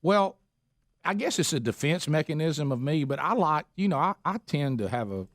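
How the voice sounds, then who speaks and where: A man's voice: fairly high pitch, animated, moderate pace, no room sound, studio quality. A middle-aged man, co-hosting a radio show and telling a long teasing story full of restarts. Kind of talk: casual chat.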